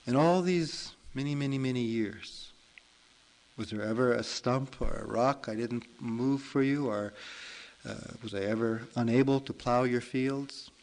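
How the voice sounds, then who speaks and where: A man voicing a big, forgiving ox in a told folk tale, speaking calmly and coolly. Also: medium pitch, normal speed, long pauses, lightly acted, rough recording. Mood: calm reproach. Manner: calm, cool, gently reproachful. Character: calm wise male ox, big and forgiving.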